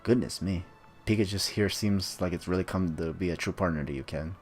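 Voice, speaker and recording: A friendly older professor, read aloud by a man offers warm encouragement in a low, easy voice. The delivery stays plain and conversational, like a gamer reading dialogue boxes. Faint game music plays underneath. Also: fairly quick, lightly acted. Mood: kindly.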